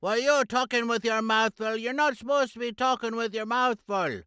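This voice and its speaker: Guy playing a squeaky bossy sidekick character, crisp dry sound, snappy banter. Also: normal speed, no room sound. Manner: bossy, sharp-tongued banter. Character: high-pitched cranky male comic sidekick. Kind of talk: comic radio sketch intro.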